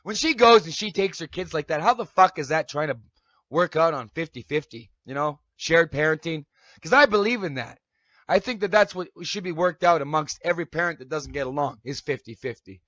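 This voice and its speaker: A man's voice: fairly high pitch, lively intonation, a little fast, a bit bright, dry recording. A man ranting angrily on a live stream, swearing, accusing people and asking "okay?" again and again. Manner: heated, accusatory, repeats "okay?". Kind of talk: angry profane rant. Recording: dull lo-fi live-stream audio.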